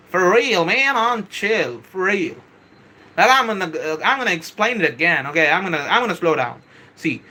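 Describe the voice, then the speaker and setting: A man hosting a live stream, chatting with viewers, reading their comments aloud and explaining a software model, often saying "bro" and "kindly" and correcting himself as he goes. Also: sits high, animated, moderate pace. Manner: self-correcting, hesitant restarts. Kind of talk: casual live-stream teaching.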